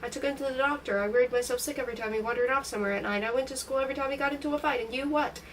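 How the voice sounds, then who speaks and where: A woman reading aloud and voicing an angry, desperate middle-aged father who shouts, in a brisk high voice recorded from a distance with faint background noise. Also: fairly even intonation, natural voice. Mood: shouting angrily. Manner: shouting, then pleading.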